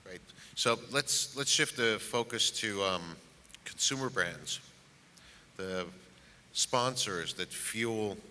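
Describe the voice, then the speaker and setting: Brief: male panel moderator, very deep and sharp-edged, halting questions, echoing hall. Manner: halting, filler-heavy questions. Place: conference stage in a large hall. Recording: hall reverb, faint noise.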